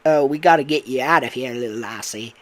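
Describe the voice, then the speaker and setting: A man voicing a cheerful male robot with a put-on Cockney accent, loud and chummy. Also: mid-range voice, fairly quick, natural voice.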